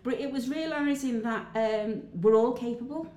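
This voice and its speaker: Animated woman telling a story. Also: on the high side, normal speed. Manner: animated storyteller, acts out dialogue. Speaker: actress. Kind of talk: interview guest chat. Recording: echoey room with faint ambience.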